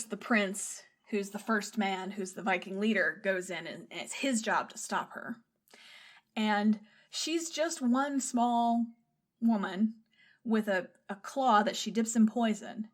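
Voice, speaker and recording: A woman co-hosting a podcast, retelling a film's plot in loose, chatty, profane conversation. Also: medium pitch. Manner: profane, chatty, digressive storytelling. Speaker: podcast co-host. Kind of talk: casual chat retelling a film.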